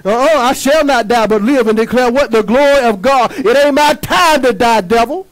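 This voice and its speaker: In this sermon, a man with a strikingly high-pitched voice fires questions at his congregation and waits for answers, preaching with fervor. The delivery is emphatic and rhythmic, built on call-and-response, at a normal speed, and the recording quality is poor.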